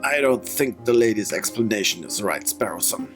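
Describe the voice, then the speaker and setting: A man voicing a calm male falcon lawyer in a low, measured, dry way while reading a game aloud. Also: soft background music.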